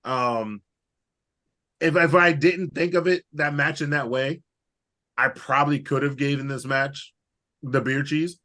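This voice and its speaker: A man co-hosting a podcast in casual chat, animated and profane, rambling through his points. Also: medium pitch, a little slow, pauses often. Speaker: podcast co-host.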